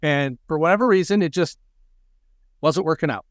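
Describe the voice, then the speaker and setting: A man co-hosting a podcast, telling animated anecdotes about his family. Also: on the high side, normal speed, dry recording, clean studio sound. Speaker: podcast co-host, father. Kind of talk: casual podcast storytelling.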